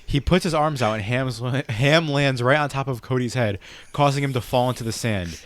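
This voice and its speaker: A man's voice: mid-range voice, moderate pace, no room sound. A young man chatting casually on a podcast, reading his own story draft aloud, rambling with many restarts. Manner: rambling, restarts, lots of 'like'. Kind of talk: casual chat.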